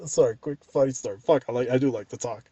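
A man telling a funny work story as a profane, exasperated rant, with animated delivery. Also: medium pitch, fast, no room sound.

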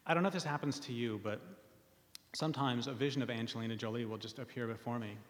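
A man's voice: mid-range voice, fairly even intonation, fast talker, slight background noise. A man giving a public talk, earnest with wry asides and frequent ums. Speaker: speaker reading from his book. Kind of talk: public talk reading premises to an audience. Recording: long reverb of a hall.

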